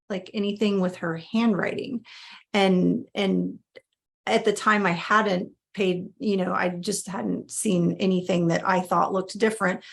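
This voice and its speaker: A woman's voice: lowish voice, gravelly. A woman in her thirties, a mother telling her family's story in a casual, conversational way, with frequent fillers and restarts.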